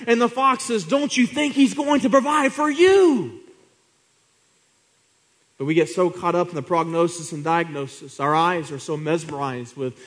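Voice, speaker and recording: A man preaching a sermon, swinging from hushed to loud, with repeated rhetorical questions to the congregation. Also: on the high side.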